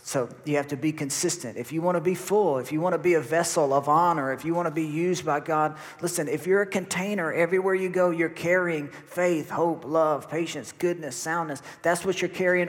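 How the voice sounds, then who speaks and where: A male pastor delivers an emphatic sermon, repeating phrases for weight. His voice sits a little on the high side. The sound carries a long reverb from a church sanctuary. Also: normal speed. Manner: emphatic preaching with repetition.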